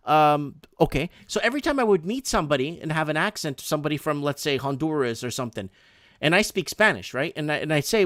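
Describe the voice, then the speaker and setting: A man's voice: on the high side, lively intonation, fast, fairly bright tone, dry recording, studio quality. A man hosting a casual political chat, talking in a rambling way with many restarts and repeated words. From Canada. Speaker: show host.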